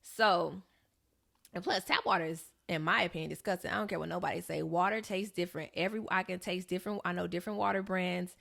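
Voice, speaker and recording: Animated young woman telling a story, gravelly. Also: fairly low pitch, quick pace. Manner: animated storyteller, acts out quoted voices. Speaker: podcast co-host. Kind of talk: casual storytelling chat.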